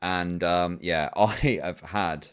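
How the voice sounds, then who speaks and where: A man's voice: low-pitched, slow pace, clear, resonant tone. Male reaction streamer, sarcastic and dismissive commentary.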